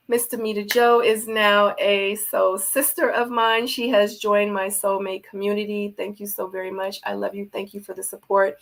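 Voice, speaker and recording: A woman's voice: medium pitch, steady tone, moderate pace, creaky. A woman hosting a livestream, signing off in a chatty, affectionate way, easily moved. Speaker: livestream host. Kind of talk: casual livestream sign-off.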